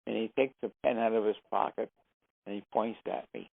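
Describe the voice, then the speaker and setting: An older man, an interview guest, telling stories in a lively way and acting out the dialogue as he goes. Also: on the low side, a little fast, no echo. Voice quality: gravelly. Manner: lively storyteller who acts out the dialogue. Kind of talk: anecdotal storytelling. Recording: tinny, phone-like, dry sound.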